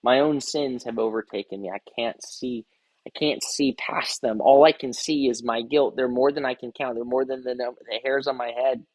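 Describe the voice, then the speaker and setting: A man's voice: mid-range voice, steady tone, normal speed, a little mellow, dry recording, poor audio. A man as rabbi giving an earnest devotional Bible teaching, often repeating words as he reads scripture aloud.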